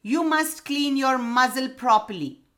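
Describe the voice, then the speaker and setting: A woman's voice: sits high, unhurried, pitched above the performer's own voice. A woman voicing a patient owl teacher who greets and instructs her animal class. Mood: instructive. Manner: gentle, instructive. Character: kind, patient owl schoolteacher.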